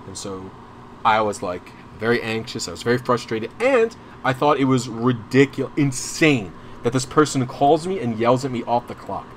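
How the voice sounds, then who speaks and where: There's a little hiss or hum under this young man's mid-range voice as he streams. Chatting casually, he works through a long personal story, rambling, restarting, and drifting into asides, clearly anxious and frustrated.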